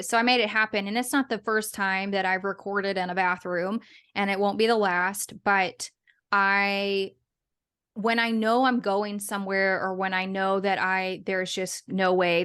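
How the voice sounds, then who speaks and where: A woman's voice: medium pitch, a bit bright, clean tone. Chatty woman guest, rambling. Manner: chatty, rambling with restarts and laughs. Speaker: guest, business owner and podcaster. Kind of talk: casual interview chat.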